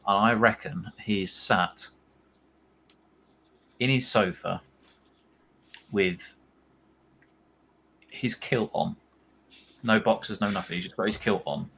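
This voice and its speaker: A man's voice: lowish voice, slow, long pauses, fairly bright tone, a little hiss or hum. A young man co-hosting a casual live fan watch-along, chatty and rambling, playfully spinning silly stories.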